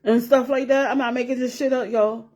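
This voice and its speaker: A woman's voice: fairly high pitch, steady tone, brisk, darkish tone. A woman vlogger chatting casually to her viewers, rambling and repeating herself, swearing freely and laughing as she talks. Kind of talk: casual chat to camera.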